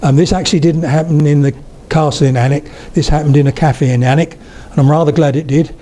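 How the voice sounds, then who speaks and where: A man's voice: on the high side, steady tone, fast, warm tone. An older man giving a humorous public talk on regional accents, telling anecdotes and demonstrating mouth shapes. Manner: storytelling, demonstrates accents, chatty asides. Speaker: lecturer on accents. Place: hall with a live audience.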